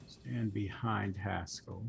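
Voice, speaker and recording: A man playing in a casual tabletop game, with a gravelly voice. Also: lowish voice, steady tone, takes it slowly, faint music behind. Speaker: player.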